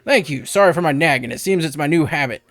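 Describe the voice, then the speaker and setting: A man voicing a tired, put-upon male blacksmith in a game, with a gruff, grumbling manner. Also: on the high side, lively intonation, quick pace, dry recording. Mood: grumbly.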